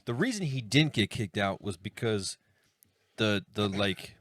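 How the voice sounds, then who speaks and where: A man co-hosting a podcast, laughing easily and retelling clips with quick impressions. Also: lowish voice, sing-song, fairly bright tone, no echo, clean studio sound. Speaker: podcast co-host. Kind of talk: casual chat.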